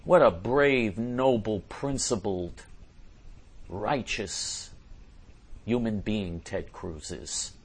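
A man giving a political commentary monologue, emphatic and repetitive, who often clears his throat. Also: on the low side, very slow, long pauses.

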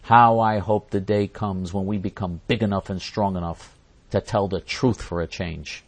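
Hosting a talk show, a man delivers an angry monologue, reading out questions from listeners and ranting with indignation as he repeats phrases and starts sentences over. His low voice holds a steady tone at a normal speed.

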